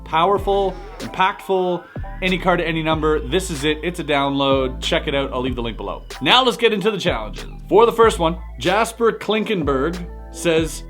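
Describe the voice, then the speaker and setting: A young man hosting a casual vlog in an upbeat, playful and energetic way. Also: on the high side, moderate pace, faint music behind. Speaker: host.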